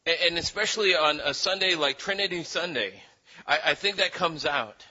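Brief: male preacher, sermon with storytelling, repeats words, very bright tone. Lo-fi. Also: on the high side, moderate pace, husky. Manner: animated storytelling with voiced quotes, frequent restarts.

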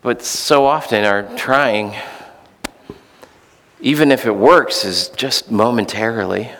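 A man's voice: medium pitch, slow, a bit bright, in a large hall. A male pastor preaching a sermon in a conversational, storytelling way, with fillers.

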